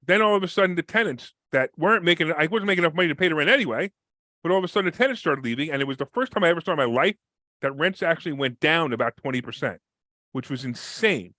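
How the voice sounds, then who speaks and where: A man, a real estate investor guest on a podcast interview, telling a story with lively energy and acting out the people in it. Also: dry recording. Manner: fast, energetic, acts out quoted people with big pitch jumps.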